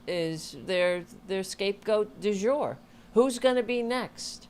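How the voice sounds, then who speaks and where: Slow-talking woman commentator, exasperated. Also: lowish voice, smooth. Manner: exasperated, sarcastic, swears at clips. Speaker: political commentary host. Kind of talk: reacting to clips, casual commentary.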